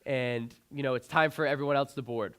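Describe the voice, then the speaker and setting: A man's voice: medium pitch, fairly even intonation, a little fast, fairly bright tone, smooth. A young man giving an inspirational keynote speech on a conference stage, telling a personal story earnestly into a stage microphone, often restarting and repeating his phrases. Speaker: motivational speaker.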